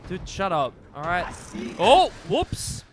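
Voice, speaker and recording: High, lively young male streamer. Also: slow, noisy background. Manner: loud, excitable, swears a lot, jokey. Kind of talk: gaming commentary.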